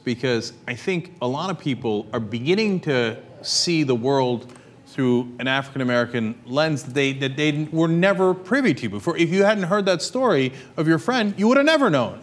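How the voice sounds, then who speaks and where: A man hosting a panel discussion, reflective as he explains his point. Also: mid-range voice. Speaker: show host.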